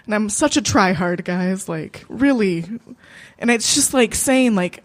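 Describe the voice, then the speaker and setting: A woman co-host telling a personal story at a live open mic in a small cafe, halting and emotional, full of fillers and restarts. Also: medium pitch, animated.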